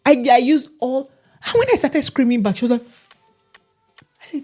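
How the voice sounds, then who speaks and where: A woman, co-hosting a casual podcast and telling stories in an animated way. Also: high voice, normal speed, soft background music. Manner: animated storytelling, mimics others' voices. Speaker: podcast co-host. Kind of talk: casual chat.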